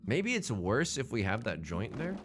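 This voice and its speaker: A man streaming a building game live, thinking aloud in an excitable, joking way and swearing at his own designs. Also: mid-range voice, normal speed, over music. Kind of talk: live gameplay commentary.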